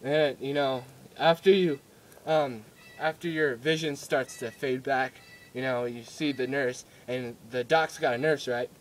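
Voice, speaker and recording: A man's voice: medium pitch, fairly even intonation, unhurried, slight background noise. A young man telling a story in a casual vlog, rambling and giggly, with many fillers and restarts. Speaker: vlogger.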